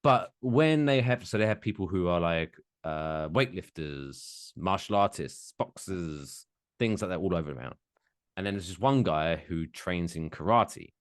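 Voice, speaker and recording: A man's voice: sits low, moderate pace, clean tone, dry recording, studio quality. A man co-hosting a podcast in casual chat, ranting with plenty of swearing. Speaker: podcast co-host.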